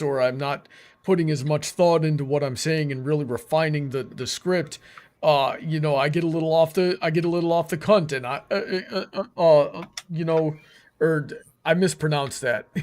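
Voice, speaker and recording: Rambling man hosting a livestream. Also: a little high. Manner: rambling, with many fillers and restarts. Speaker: livestream host. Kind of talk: casual chat.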